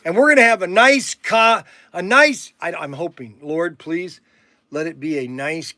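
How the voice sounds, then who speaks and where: High-voiced man rambling in folksy chat. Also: animated, unhurried, pushed and bright, no room sound. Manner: folksy storytelling with many fillers and restarts. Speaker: livestream host. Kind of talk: rambling casual livestream chat. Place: warehouse.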